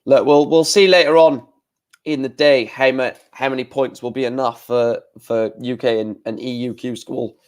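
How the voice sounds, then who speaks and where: A man's voice: medium pitch, fairly even intonation, moderate pace. Rambling man streaming live. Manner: rambling, thinking aloud with fillers. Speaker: darts live stream host. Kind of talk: casual live stream commentary.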